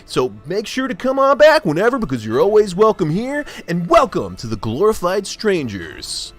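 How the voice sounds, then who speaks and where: A man putting on the voice of an over-the-top hype announcer, shouting and drawing out his words. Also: high voice, wildly swooping pitch, soft background music, voice pushed up, full character voice. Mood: hyped. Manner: shouting, drawn-out hype delivery.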